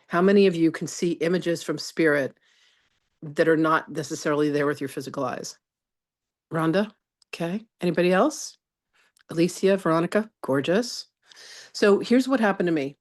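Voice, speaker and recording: A middle-aged woman teaching a live spiritual masterclass, telling a personal story in a chatty, animated way and calling on students by name. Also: low voice.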